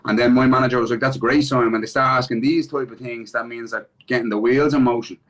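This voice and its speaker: A man's voice: medium pitch, steady tone, fast, a bit bright, rough recording. A man with an Irish accent, an MMA fighter being interviewed in casual chat, swearing freely and repeating "do you know what I mean" between thoughts.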